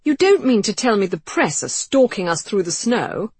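Woman doing a blustering pompous gentleman. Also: medium pitch, very animated, normal speed, slightly rough, dry recording, pitched above the performer's own voice. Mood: indignant. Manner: loud, indignant. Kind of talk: audiobook character voice.

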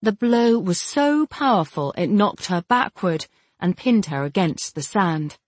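A woman reading a fantasy novel aloud as an audiobook narrator, in a steady, even storytelling manner. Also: medium pitch, a little slow, dry recording.

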